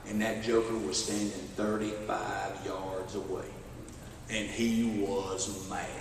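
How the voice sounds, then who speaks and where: Southern man, middle-aged, folksy storyteller, keynote speech, booming hall echo, distant mic. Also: vocal fry, slight background noise. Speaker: sheriff giving a keynote. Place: church hall at a benefit dinner. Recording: echoey hall, voice from afar.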